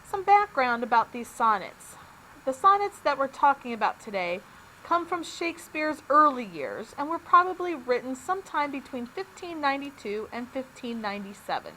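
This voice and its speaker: A woman's voice: high-pitched, sing-song, normal speed, bright, forceful tone, a little hiss or hum, low-quality recording. A woman teacher giving a recorded lesson, upbeat and explaining each step plainly.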